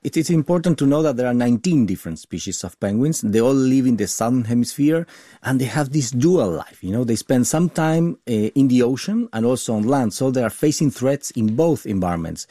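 A man's voice: medium pitch, lively intonation, a little fast, mellow, no echo, studio quality. A man being interviewed as an expert, explaining with some hesitations. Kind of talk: interview answer.

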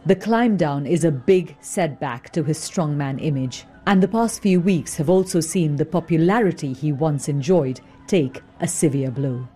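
A woman correspondent narrating a scripted news report in a serious, steady way. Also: sits low, moderate pace, hardly any pauses, slightly rough, soft background music.

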